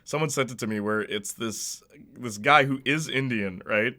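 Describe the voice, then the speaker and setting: A man's voice: mid-range voice, moderate pace, sharp tone. A young man streaming a video game, chatting casually, rambling with lots of restarts and frequent laughter. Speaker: gaming streamer. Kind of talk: casual stream chat while gaming.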